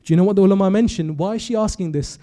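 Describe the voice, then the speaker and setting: Young male preacher, high mellow voice, emotional sermon storytelling, impassioned builds. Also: racing. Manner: storytelling with quoted dialogue, rising to impassioned intensity. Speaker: speaker at a youth majlis. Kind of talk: emotional religious sermon narration.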